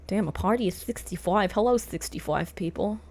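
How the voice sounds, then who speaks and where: A woman in her thirties streaming live, chatting casually with viewers, swearing freely and bursting into loud excited greetings. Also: medium pitch, brisk.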